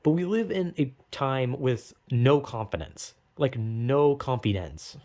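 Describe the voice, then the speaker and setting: A man's voice: medium pitch, lively intonation, slow, darkish tone. A young man talking casually, rambling and swearing, acting out quotes in goofy voices. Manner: rambling, profane, acts out quotes in silly voices. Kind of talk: casual monologue.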